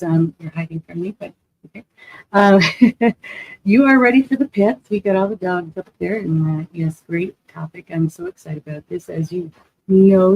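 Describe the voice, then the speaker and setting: A woman's voice: on the low side, breathy edge, lo-fi sound. A woman hosting a casual livestream, bubbly and chatty, greeting viewers by name and laughing often. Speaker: livestream host. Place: hot room at home.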